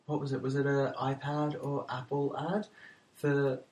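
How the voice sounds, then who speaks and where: A man's voice: medium pitch, little pitch movement, measured pace, darkish tone. A young man chatting casually about ad ideas, hesitant with many fillers. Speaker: co-host discussing ad ideas. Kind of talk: casual chat. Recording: roomy, distant mic.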